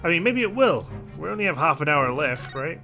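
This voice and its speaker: Man, casual let's-play commentary, fairly high and animated. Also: fairly quick. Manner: thinking aloud, chatty. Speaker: gaming channel host. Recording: game music behind voice.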